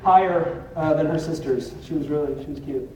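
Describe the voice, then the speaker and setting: A man giving a casual conference presentation, loose and profane, with many filler pauses, heard from a distant mic in a roomy hall. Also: on the high side, background noise.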